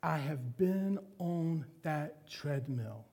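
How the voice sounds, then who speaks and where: A man preaching a candid, confessional sermon, poking fun at himself. His voice is gravelly and husky, with a mellow, soft tone in a fairly high register. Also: expressive, extremely slow. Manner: candid, confessional, self-deprecating. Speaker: pastor.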